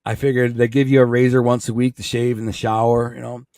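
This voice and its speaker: A man's voice: mid-range voice, flat delivery, fast, a little mellow, no room sound, clean studio sound. A middle-aged man from Michigan with a Michigan accent, telling a rambling story in blunt, streetwise words as a podcast guest. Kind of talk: casual storytelling.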